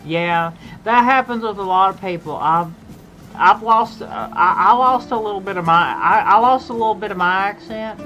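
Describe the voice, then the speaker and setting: A woman's voice: mid-range voice, normal speed, pushed and bright, dull audio, faint music behind. A woman from Appalachia with an Appalachian accent, chatting casually on a gaming stream and rambling, often repeating and restarting her phrases.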